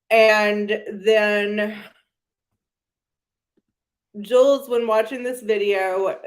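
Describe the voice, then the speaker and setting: A young woman hosting a casual commentary chat, gossipy and sarcastic, often breaking into giggles. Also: mid-range voice. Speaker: channel host.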